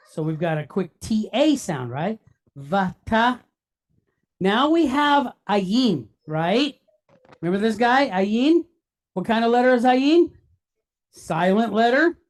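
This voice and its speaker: Patient male teacher sounding out syllables. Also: high voice. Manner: patient, checks in often with "right?" and "okay?"; sounds words out slowly syllable by syllable. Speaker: Hebrew teacher. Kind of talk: classroom lesson.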